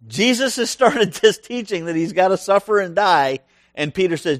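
Middle-aged male preacher, high voice, dry close sound, animated and conversational. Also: moderate pace, dry recording. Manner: conversational, animated, asks the audience questions. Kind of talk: sermon.

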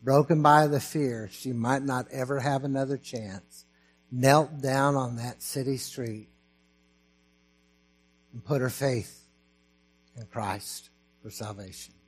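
A man preaching a sermon as pastor, slow and emphatic, rising to fervent preaching. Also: medium pitch.

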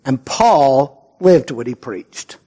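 A male pastor preaching a sermon in an earnest, conversational way, with prayerful pauses and moments where he drops to a soft voice. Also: mid-range voice, lively intonation, slightly rough.

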